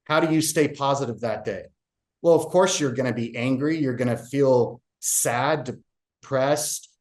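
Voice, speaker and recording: A man's voice: mid-range voice, measured pace, a little mellow. A man guest on a podcast, earnestly recounting a personal story with frequent fillers and restarts. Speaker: podcast guest, real estate agent.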